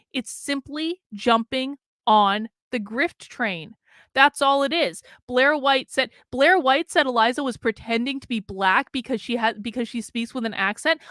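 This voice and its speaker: This is a middle-aged woman delivering an angry commentary monologue, blunt and peppered with swearing. Her voice sits a little high, with a bright, forceful edge. The sound is dry and close. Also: dry recording. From New England. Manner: blunt, profane, emphatic. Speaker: political commentator. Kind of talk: heated commentary rant.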